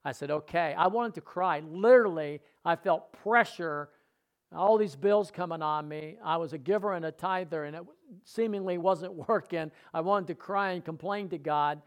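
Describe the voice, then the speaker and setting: A man's voice: on the high side, normal speed. A man preaching a sermon, telling his own testimony earnestly, repeating phrases for emphasis and dropping his voice for asides.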